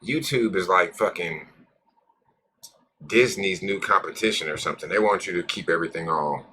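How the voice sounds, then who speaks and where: A man's voice: deep voice, normal speed, bright, forceful tone, a little hiss or hum. A man hosting a casual live stream, rambling, joking with his viewers and cursing freely. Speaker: cannabis live-stream host.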